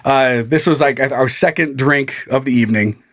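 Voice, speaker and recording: A podcast co-host with a mid-range voice tells a story at a moderate pace in casual chat. He's animated and laughs often as he acts out what people said.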